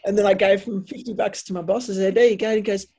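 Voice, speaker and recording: An Australian woman with a gravelly, husky voice tells stories in a relaxed chat. She gets animated and acts out the people she quotes. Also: medium pitch, quick pace. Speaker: guest. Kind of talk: casual storytelling.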